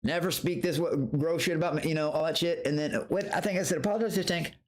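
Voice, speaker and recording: A man streaming live, telling a story in a profane, animated rant, breaking into high outbursts and greeting viewers from chat. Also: quick pace. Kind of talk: casual livestream rant.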